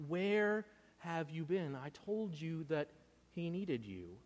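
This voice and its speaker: A man's voice: on the high side, sing-song, takes it slowly, big-room sound. A man voicing a grieving woman who confronts a friend in a pleading, reproachful way, heard in a sermon. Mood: hurt.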